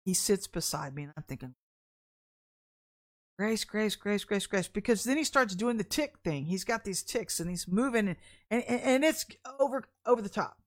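A woman's voice: medium pitch, expressive, a little fast. Candid laughing woman preacher. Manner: candid and chatty, laughing often, acting out quoted voices. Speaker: deliverance minister. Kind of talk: sermon with personal storytelling.

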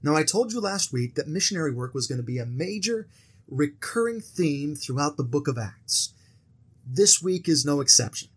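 A man's voice: a little high, animated, normal speed, slightly rough. A man teaching a scripture lesson in an earnest, storytelling manner, with acted quotes and personal anecdotes. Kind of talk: lesson presentation.

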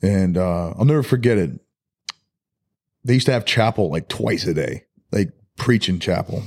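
A man as a podcast guest, telling his life story in a loose, candid way, halting and full of "like" and "dude". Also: sits low, expressive. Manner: soft-spoken and candid. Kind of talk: personal life story in a casual podcast interview.

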